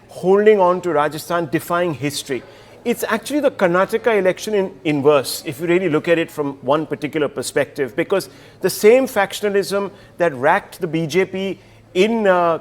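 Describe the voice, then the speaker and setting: A man giving measured, analytical commentary as a studio panelist on a news show. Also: high voice. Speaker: consulting editor, studio panelist.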